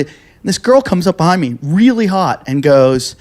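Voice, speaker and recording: Man, podcast host, slightly high voice, animated storytelling, acts out voices. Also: normal speed. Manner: animated, acts out quoted voices, laughs often. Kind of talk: casual chat, storytelling.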